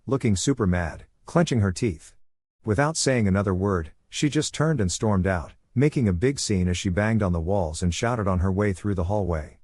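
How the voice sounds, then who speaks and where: A man giving a steady, scripted narration of a story. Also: on the low side, dry recording, clean studio sound.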